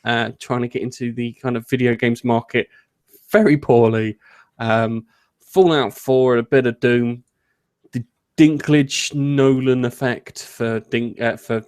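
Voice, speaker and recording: A man's voice: mid-range voice, fairly even intonation, a little slow, darkish tone, clean tone. A man hosting a casual gaming news chat, rambling, jokey and often interrupting himself. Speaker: host.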